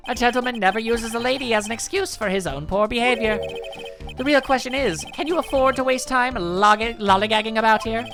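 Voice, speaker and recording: A woman voicing a pompous, showy gentleman detective in a fan voice-over of a game, theatrical and grandiose. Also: a little high, brisk, over music, natural voice.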